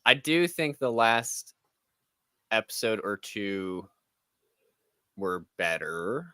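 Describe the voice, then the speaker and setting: A man's voice: on the low side, very animated, slow, bright, forceful tone, clean tone, no room sound. Dry-sounding man ranting in casual chat. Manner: ranting, exasperated, mocks with quoted asides. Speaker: podcast co-host.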